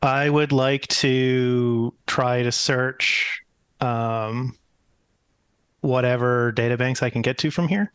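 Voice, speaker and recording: A man at a tabletop game states his moves slowly and deliberately. His voice is smooth and clear, the recording dry and close. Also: mid-range voice, fairly even intonation, a bit bright, dry recording. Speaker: player. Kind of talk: casual chat at the game table.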